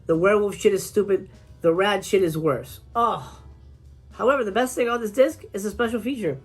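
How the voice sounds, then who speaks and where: A woman film reviewer tearing into a bad movie in a loose, profanity-laced rant. Her voice sits at an ordinary middle pitch, and she slips into quick put-on voices to act out scenes. Faint music plays behind her. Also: slightly rough. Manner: animated, swears a lot, acts out scenes in quoted voices.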